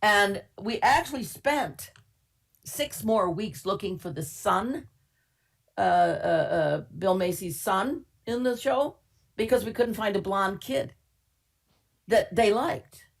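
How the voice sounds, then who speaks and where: A woman's voice: medium pitch, expressive, slow, creaky. An older woman from Minnesota, a casting director, tells stories from her work in a chatty, candid webinar interview, with wry humor and many fillers. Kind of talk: webinar interview, anecdotal storytelling.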